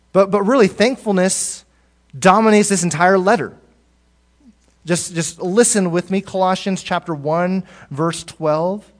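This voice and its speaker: Preacher man swinging loud and soft. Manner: swings between loud emphatic peaks and soft low asides, repeats words. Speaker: pastor. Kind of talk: sermon.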